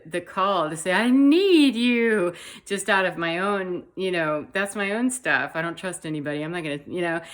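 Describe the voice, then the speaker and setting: A woman talking through her feelings in a heartfelt, rambling way, with many fillers and soft laughs. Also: fairly low pitch. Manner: heartfelt, rambling, frequent "you know" fillers. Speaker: spiritual vlogger. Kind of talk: emotional personal monologue.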